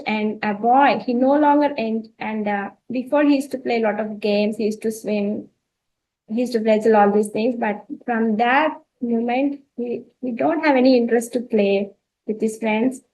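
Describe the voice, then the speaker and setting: An earnest woman with an Indian English accent tells a spiritual life story. Her voice sits fairly high. She pauses on fillers and often restarts her sentences. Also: steady tone, a little mellow, poor audio. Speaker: spiritual talk presenter. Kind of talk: storytelling talk.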